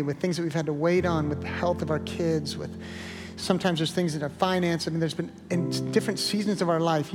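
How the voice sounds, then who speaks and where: Earnest man preaching over soft guitar. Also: fairly high pitch. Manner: earnest, pleading encouragement. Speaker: pastor. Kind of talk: sermon with closing prayer. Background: guitar music.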